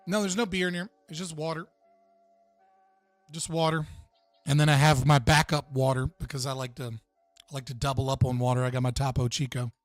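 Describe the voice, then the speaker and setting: A man's voice: mid-range voice, level tone, fairly quick, pauses often, no echo, faint music behind. A young man hosting a livestream, chatting casually and profanely with his viewers. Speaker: livestream host.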